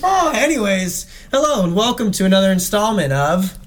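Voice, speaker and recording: A man's voice: high-pitched, very animated, fairly quick. A young man hosting a casual podcast chat, rambling, profane and often laughing. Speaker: podcast host.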